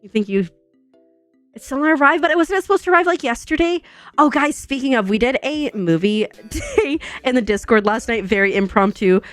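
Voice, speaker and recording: A young woman streaming from home, chatting casually with viewers, bubbly and chatty, full of "like" and quick laughs. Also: high voice, lively intonation, no room sound. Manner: says "like" a lot. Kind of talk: casual chat with chat readers. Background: soft background music.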